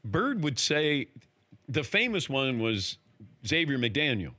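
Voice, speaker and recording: A man hosting a casual interview, firing quick questions and laughing often. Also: medium pitch, very animated, pushed and bright. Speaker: host.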